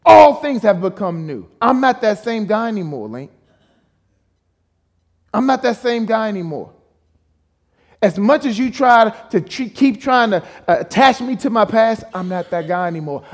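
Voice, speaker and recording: A male guest preacher with a voice pitched high for a man. He preaches emphatically and fires rhetorical questions at the room. He keeps calling on the congregation to answer back. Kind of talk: sermon.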